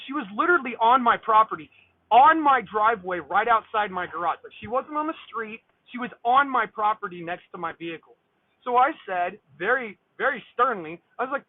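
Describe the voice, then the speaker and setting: A man's voice: high voice, expressive, fairly quick, no echo. A man, a streamer, ranting angrily about a neighbor dispute, swearing heavily. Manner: profane, heated, swearing constantly. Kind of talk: angry ranting monologue. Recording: thin phone-like sound.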